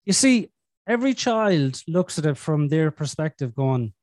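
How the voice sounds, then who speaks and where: A man's voice: a little high, very animated, moderate pace, no echo, clean studio sound. A man, telling stories about his kids in casual podcast chat, swearing freely and acting out quoted voices. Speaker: podcast guest, father. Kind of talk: casual conversational storytelling.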